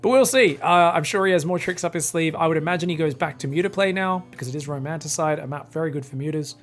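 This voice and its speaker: A young man commentates a strategy game match solo, his voice sitting high and jumping even higher when the action turns. He is irreverent and foul-mouthed, riffing jokes between plays, with faint music running underneath. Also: quick pace. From Australia. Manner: excitable, crude, jokey, swears freely. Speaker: esports caster.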